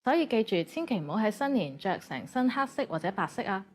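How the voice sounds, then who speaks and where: A woman giving scripted educational narration in a brisk, even tone. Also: mid-range voice.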